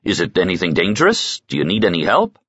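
Sly, probing bodyguard, voiced by a male reader, lively, husky, dull audio. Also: low voice, fast talker, no echo, exaggerated voice. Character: big, shrewd male bodyguard feigning innocence.

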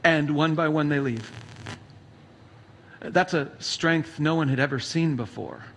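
Animated high-voiced male pastor. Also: unhurried. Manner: casual, animated retelling with acted quotes. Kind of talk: sermon storytelling.

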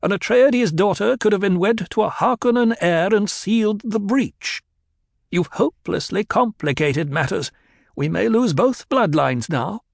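A man's voice: sits high, expressive, a little slow, gravelly, no room sound, clean studio sound, pitched above the performer's own voice, exaggerated voice. A man voicing a stern, snappish old woman who sneers and lectures with cruel mimicry, in an audiobook reading.

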